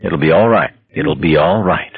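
A man voicing a desperate, angry young husband, low and clipped. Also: moderate pace, slightly rough, dry recording, narrow, tinny audio, exaggerated voice. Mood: bitter.

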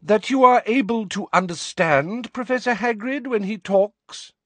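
A man voicing a condescending middle-aged woman inspector who talks slowly and loudly in an audiobook. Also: high voice, no room sound, pitched above the performer's own voice. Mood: patronizing. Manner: slow, loud, over-enunciated.

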